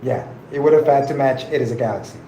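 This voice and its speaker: A man's voice: mid-range voice, quick pace, warm tone, echoey room, slight background noise, poor audio. A man hosting a casual podcast stream, joking, laughing and reading viewer comments aloud during a crossword game. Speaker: podcast host. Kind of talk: casual live-stream chat with puzzle game.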